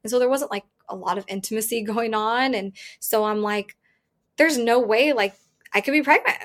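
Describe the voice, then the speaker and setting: Candid chatty woman, slightly high voice. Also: normal speed, fairly bright tone. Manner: candid, chatty, heavy use of "like", laughs often. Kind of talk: personal storytelling in an interview.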